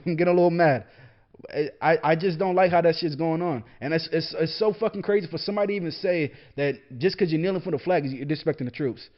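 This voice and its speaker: A man's voice: fairly high pitch, fast talker. A young man talking alone on a casual show, heated and profane, stumbling and repeating words as he gets worked up. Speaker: podcast host, military veteran. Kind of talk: casual solo monologue. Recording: dull lo-fi sound.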